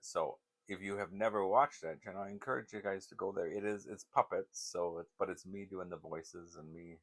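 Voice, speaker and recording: Speaking at a moderate pace, an older male channel host rambles through casual stories, restarting often and laughing along the way. His voice is low-pitched with a slightly bright quality.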